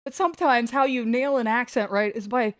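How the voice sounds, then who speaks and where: A woman's voice: a little high, fairly quick, no echo, clean studio sound. A woman from the United States chatting casually on a live stream from home, rambling and joking at her own expense. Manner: rambling, playful, self-mocking. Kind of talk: casual livestream chat. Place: at home, sitting on the floor.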